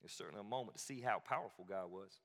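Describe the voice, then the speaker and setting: A man's voice: fairly low pitch, racing, fairly bright tone, long reverb tail. A male pastor preaching a sermon in a conversational, emphatic way, with asides and repeated phrases.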